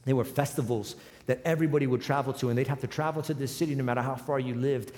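A man in his forties preaching a sermon, telling a humorous personal story and building to loud, emphatic runs. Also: mid-range voice, fairly even intonation, fast, a little hiss or hum. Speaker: pastor. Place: large church hall with live audience. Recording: long hall reverb.

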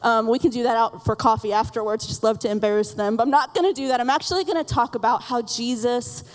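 A woman's voice: a little high, quick pace. A woman in her thirties preaching a sermon from a church stage, telling candid and self-deprecating stories about her children and laughing often. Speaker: pastor. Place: church auditorium. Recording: reverberant sanctuary sound.

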